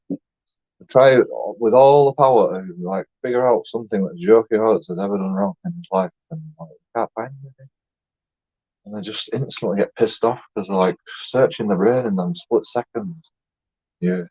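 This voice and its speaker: A man's voice: medium pitch, expressive, moderate pace, a little mellow, breathy edge, no echo. A man, a YouTube vlogger rambling in a boastful, jokey way, swearing and laughing as he talks. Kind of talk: casual rambling monologue. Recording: dull lo-fi dry sound.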